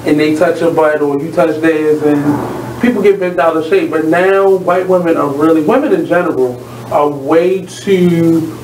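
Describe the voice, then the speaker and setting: A man's voice: on the high side, measured pace, a little mellow, recorded from a distance. A man co-hosting a radio show, arguing in blunt, skeptical casual banter in a radio studio. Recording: roomy, off-mic, noisy studio audio.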